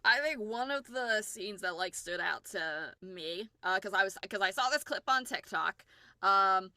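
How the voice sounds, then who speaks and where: A woman hosting an interview podcast, asking casual questions in a relaxed, chatty way. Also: mid-range voice, measured pace, dry recording. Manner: relaxed, chatty, laughs easily.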